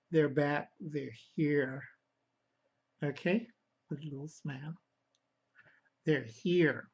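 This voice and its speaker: A man's voice: on the high side, a little mellow, muffled recording. A man vlogging a casual political rant, rambling, correcting himself, and angrily calling his viewers kids. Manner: angry, addresses viewers as kids.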